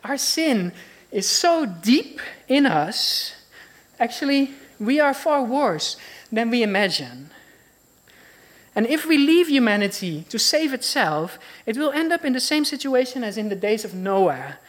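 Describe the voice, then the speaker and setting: Woman preaching with a lively voice. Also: fairly high pitch, a little slow. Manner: earnest, reflective preaching. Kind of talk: sermon.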